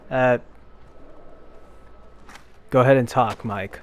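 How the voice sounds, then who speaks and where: A young man giving casual let's-play commentary, self-deprecating, with loud frustrated outbursts. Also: mid-range voice, steady tone, slow, vocal fry, pauses often. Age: young adult. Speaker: gameplay commentator.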